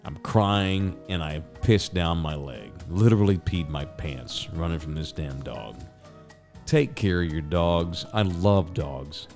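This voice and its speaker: A man's voice: low-pitched, slow, darkish tone, faint music behind. A middle-aged man telling a story as a host, casual, rambling and profane, with sound effects.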